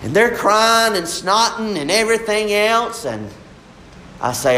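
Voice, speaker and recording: Casting: young male preacher, high voice, fervent and unhurried delivery. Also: animated, slight background noise. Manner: fervent, drawn-out preaching with shifts between soft and emphatic. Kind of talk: sermon.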